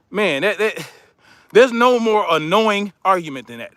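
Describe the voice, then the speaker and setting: A man rants on his livestream, heated and profane, mocking the people he argues against. His voice sits high and sounds bright and forceful. The recording is dry and close. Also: very animated, moderate pace, dry recording. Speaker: livestream commentary host. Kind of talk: casual livestream rant.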